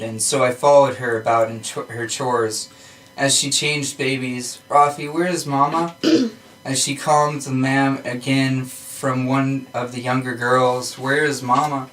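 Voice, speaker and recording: A man reads a short story aloud for a podcast. His voice sits in a middle pitch, and his delivery is steady and plain, with small restarts and fillers. He sounds a little distant from the microphone.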